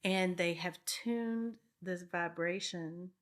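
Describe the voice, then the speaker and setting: A woman's voice: lowish voice, slow pace. A woman in her fifties, a guest in an interview, talking in an earnest, reflective way with some restarts. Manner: earnest, reflective, with frequent restarts and soft laughs. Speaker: guest, real estate broker. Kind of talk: casual interview talk.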